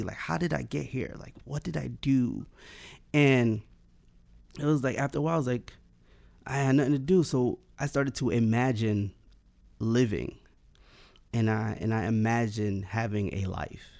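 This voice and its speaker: A man with a gravelly, creaky voice recounts a personal experience in loose, casual talk. He rambles, circles back on himself and fills his sentences with "like" and restarts. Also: medium pitch, darkish tone.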